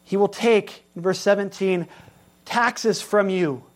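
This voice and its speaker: A male pastor delivers an earnest sermon. He shifts between raised exclamations and hushed, quiet passages, speaking with steady conviction. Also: sits high, slow pace.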